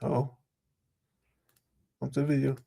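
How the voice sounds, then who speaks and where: A man hosting commentary in a mellow, warm voice. He talks slangy and animated, straight to the audience. His voice sits at an ordinary pitch for a man. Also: takes it slowly, gravelly. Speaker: host. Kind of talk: reaction commentary.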